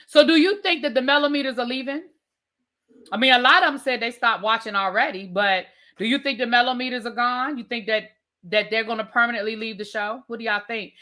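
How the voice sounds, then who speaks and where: Woman host, chatty and emphatic, bright and a touch high, casual live chat with viewers. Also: brisk. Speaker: livestream host reviewing reality TV.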